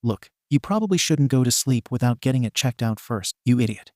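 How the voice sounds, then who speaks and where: Man voicing a short-fused teen boy, foul-mouthed, snapping, mid-pitched, dry sound. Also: lively intonation, fairly quick, a little mellow, dry recording, close to an everyday voice. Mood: irritated. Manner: snapping, exasperated insults. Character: hot-tempered foul-mouthed teenage boy, abrasive.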